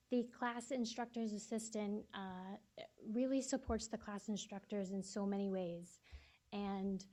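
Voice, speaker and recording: A woman supervising a guide dog class, giving a graduation speech full of thank-yous and getting a little teary. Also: mid-range voice. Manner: warm, emotional thank-yous, slightly teary. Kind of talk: ceremony speech. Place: event room.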